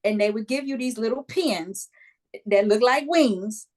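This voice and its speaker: A woman's voice: a little high, unhurried. An American woman in her fifties, a guest telling a personal story in an interview, acting out voices and often checking in with "okay?". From United States. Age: 50s. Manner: animated storyteller who acts out voices and keeps checking in with "okay?". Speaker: guest, Reiki practitioner.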